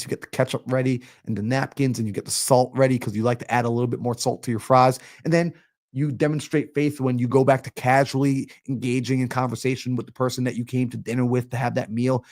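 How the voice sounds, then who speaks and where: A man coaching on a live stream, energetic and preachy, acting out little everyday scenes. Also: medium pitch, a little fast. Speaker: mindset coach. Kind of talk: motivational live-stream talk.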